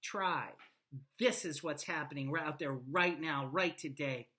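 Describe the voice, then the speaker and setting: A woman teacher giving a classroom lecture on a play, talking emphatically and animatedly with quiet asides. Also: sits low, measured pace.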